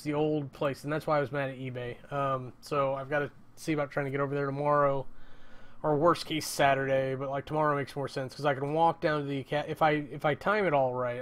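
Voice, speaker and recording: Male vlogger at home, rambling and self-interrupting, casual swearing, slightly high voice.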